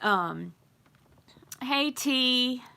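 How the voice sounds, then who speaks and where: A woman's voice: high voice, lively intonation, extremely slow, gravelly, pushed and bright. A middle-aged woman hosting a casual livestream, chatting with viewers in a rambling way with frequent ums and little laughs. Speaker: livestream host. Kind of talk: casual live chat reading comments.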